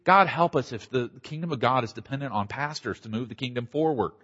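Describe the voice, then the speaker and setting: A middle-aged man, a pastor, giving a conversational conference talk with quick asides and a slight Southern accent. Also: mid-range voice, a bit bright. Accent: slight Southern American. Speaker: pastor and church planter. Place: conference hall. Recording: dull audio in a large hall.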